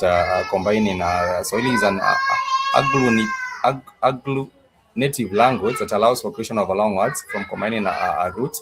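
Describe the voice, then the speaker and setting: Man teaching in a slow, repetitive way. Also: low-pitched. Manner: repetitive, thinking aloud, many fillers and restarts. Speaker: Swahili teacher. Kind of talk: live online language class.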